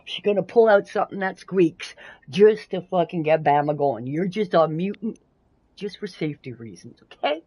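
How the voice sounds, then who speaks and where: A Canadian woman with a gravelly, raspy voice playing a wary male gaming buddy who swears and teases. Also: lowish voice, expressive, normal speed, mellow. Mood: smug. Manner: profane and teasing.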